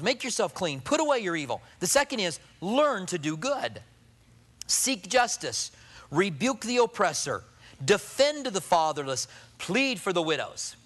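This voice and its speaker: High-voiced preaching man. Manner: earnest, swings from emphatic to hushed. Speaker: pastor. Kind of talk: sermon.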